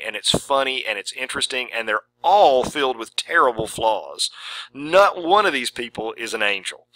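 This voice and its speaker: A man's voice: medium pitch, bright, forceful tone, no echo, poor audio. A man giving an informal lecture on a short story, talking in a rambling way and often correcting himself. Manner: rambling, with many self-corrections. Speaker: literature lecturer.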